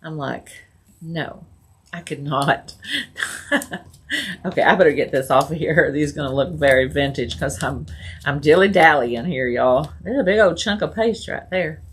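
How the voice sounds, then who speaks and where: A woman's voice: low voice, normal speed, breathy edge. A woman hosting a casual crafting video, chatting and giggling with her viewers as she works. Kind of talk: casual live crafting chat.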